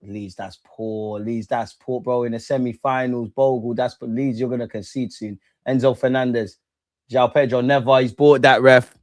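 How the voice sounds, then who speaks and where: Young guy live streaming football, slangy, rants at chat, dry mic, middle pitch. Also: flat delivery, moderate pace, dry recording. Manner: slangy, ranting, talks back to chat. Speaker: football watch-along streamer. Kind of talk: live casual commentary and chat.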